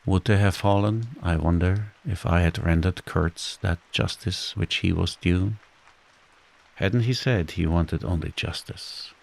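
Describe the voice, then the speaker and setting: A man reading a bedtime story as scripted narration, soothing and unhurried. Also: low voice, gravelly, poor audio.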